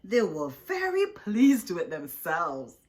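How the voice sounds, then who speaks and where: A woman with a rather low voice reads a children's picture book aloud, storyteller-style, with expressive and deliberate delivery.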